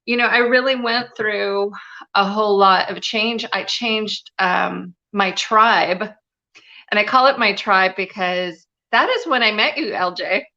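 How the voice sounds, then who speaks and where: A woman's voice: medium pitch, a little slow, pushed and bright, highs cut off. A woman guest telling a personal story in a live interview, earnest and confiding, with many "you know" fillers. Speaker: guest, spiritual and business mentor.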